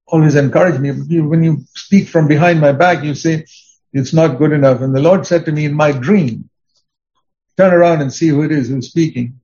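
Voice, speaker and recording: A man's voice: fairly high pitch, a little mellow. An older man preaching a sermon in an earnest, emphatic way, weaving in personal stories. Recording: dull lo-fi recording.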